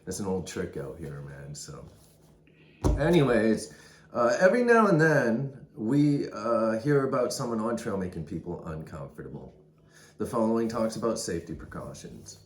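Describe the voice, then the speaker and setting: A man's voice: on the low side, very animated, normal speed, reverberant, a little hiss or hum. A man telling hiking trail stories in a rambling, casual way, tossing in "man" and "dude" often. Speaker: hiker vlogger. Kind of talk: casual storytelling.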